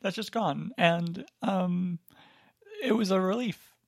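A podcast co-host chatting casually in a rambling, hedging way, with a dry, deadpan humor. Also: medium pitch, slow, gravelly, no echo. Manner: rambling, hedging, filler-heavy. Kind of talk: casual chat.

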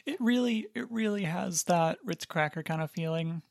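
A podcast co-host chats casually in a loose, rambling way, full of hedges, fillers, and little asides, with a deadpan streak. His or her mid-range voice has a gravelly fry and moves at a normal speed, and the dry, close sound has no echo or room around it.

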